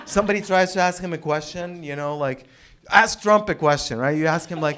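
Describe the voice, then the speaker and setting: A man with a somewhat high-set voice works through a stand-up set on a comedy club stage. He rambles and halts, starts lines over, and chuckles at his own jokes as he goes. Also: fairly quick, a bit bright, a little hiss or hum. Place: comedy club stage before a live audience.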